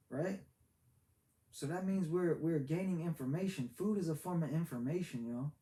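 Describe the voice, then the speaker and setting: A man giving a heartfelt, preachy motivational talk, halting and repeating himself as he goes. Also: a little high, warm tone. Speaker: motivational vlogger. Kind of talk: earnest motivational monologue. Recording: echoey room with faint background hiss.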